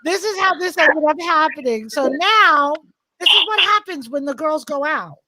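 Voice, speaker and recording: A woman's voice: high-pitched, moderate pace, a little hiss or hum, poor audio. A woman hosting a casual chat with friends, telling a crude story with lots of swearing and acting out the other people's lines. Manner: crude, lively, acts out quotes with voices. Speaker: podcast host telling a story. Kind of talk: animated storytelling among friends.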